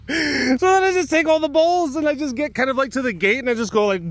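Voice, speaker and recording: A man's voice: very high voice, huge pitch swings, moderate pace, a bit bright, a little hiss or hum. A man vlogging outdoors at an animal sanctuary, telling a rambling story full of sound effects and laughs. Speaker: big cat sanctuary vlogger. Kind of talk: casual storytelling.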